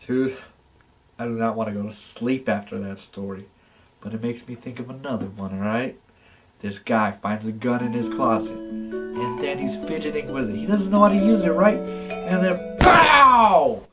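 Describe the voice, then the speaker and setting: A man improvising a goofy story in a low-key, deadpan way that breaks into animated bursts. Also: moderate pace. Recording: distant mic with guitar music.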